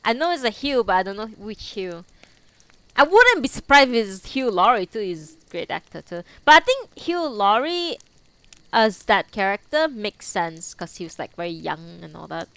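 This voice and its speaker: A woman's voice: mid-range voice, lively intonation, normal speed, fairly bright tone, clean tone, no room sound. A young woman streaming live, chatting and giggling with her viewers between book readings, still teary after crying. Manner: giggly, chatty, talks back to chat. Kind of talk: casual chat between readings.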